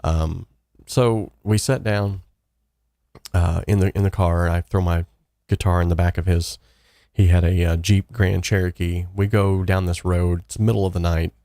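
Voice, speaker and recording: A man's voice: deep voice, fairly even intonation, normal speed, mellow, dry recording, clean studio sound. A young man hosting a casual live stream, telling stories in a rambling way with many fillers and restarts. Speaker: host. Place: home studio.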